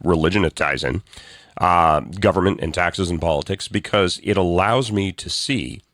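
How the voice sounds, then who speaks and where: A man's voice: low voice, moderate pace, a bit bright, no room sound, clean studio sound. A man co-hosting a political talk show, blunt and sarcastic, ranting with frequent restarts. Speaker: co-host.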